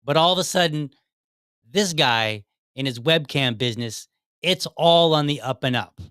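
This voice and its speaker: A man's voice: fairly high pitch, lively intonation, moderate pace, a bit bright, clear, resonant tone, no room sound, studio quality. A man hosting a podcast, giving direct, argumentative commentary and often repeating himself as he builds a point. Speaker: podcast host. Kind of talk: commentary on a played clip.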